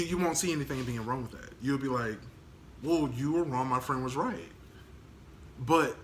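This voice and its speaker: A man's voice: medium pitch, bright, forceful tone, a little hiss or hum. Blunt, slangy man vlogging. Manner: blunt, candid, slangy, laughs often. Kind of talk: casual monologue to camera.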